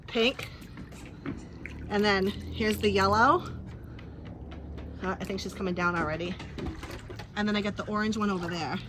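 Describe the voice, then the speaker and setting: Outdoors by a pool, a woman rambles on a phone live stream and teases her dogs, who bark in the background. Her medium-pitched voice moves at normal speed with frequent pauses, picked up by a handheld phone amid noise.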